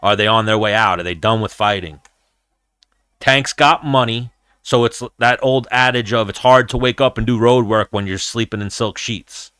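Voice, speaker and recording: A man hosting a casual live-stream fight chat, telling animated, profane stories about brawls he has been in and reacting to viewer comments. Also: lowish voice, moderate pace, smooth, no room sound, studio quality.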